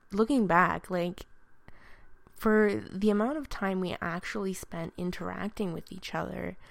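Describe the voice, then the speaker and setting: Woman with a low, gravelly voice, candid and self-mocking storyteller, dry recording. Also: no echo. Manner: candid, self-deprecating, laughs often; halting with restarts and ums. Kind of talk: personal storytelling monologue.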